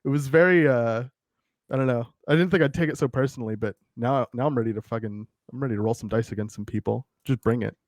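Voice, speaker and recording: A young man chatting before a tabletop game, joking and swearing in an animated way. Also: mid-range voice, fast talker, dry recording. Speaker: player. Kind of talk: casual pre-show chat.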